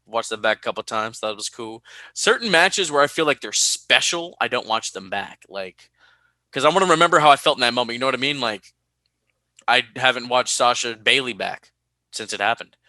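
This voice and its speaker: A man from California co-hosting a casual podcast, animated and quick to laugh as he reads listener mail. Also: mid-range voice, dry recording. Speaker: podcast co-host.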